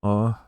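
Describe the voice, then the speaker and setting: A man with a softened Welsh accent, chatting casually and rambling while he streams a racing game. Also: dry recording. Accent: Welsh, Newport area, softened toward English. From Wales. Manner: rambling and chatty, with frequent fillers and restarts.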